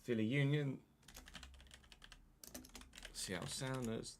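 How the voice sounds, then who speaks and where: A man's voice: mid-range voice, animated, a little slow, sharp tone. A man chatting casually on a live stream, muttering asides to himself and to chat.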